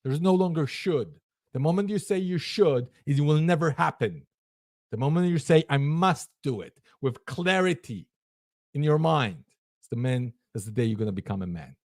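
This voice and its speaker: A man's voice: fairly high pitch, lively intonation, moderate pace, a little mellow, dry recording, studio quality. A man hosting a livestream, giving an emphatic, preachy motivational talk and acting out inner voices. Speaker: host.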